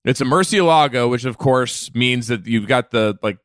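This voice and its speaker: A man co-hosting a comedy podcast who rambles through absurd bits in loose, improvised banter. His voice is smooth and resonant, recorded close and dry with no room sound. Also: mid-range voice, moderate pace, a bit bright, no echo. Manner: rambling, riffing on absurd ideas. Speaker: podcast co-host.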